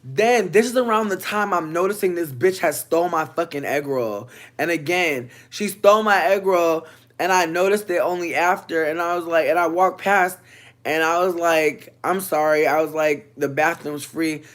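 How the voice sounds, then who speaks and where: A woman vlogger telling a comic storytime rant. She is animated and profane, swinging between loud exclamations and low mutters. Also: normal speed.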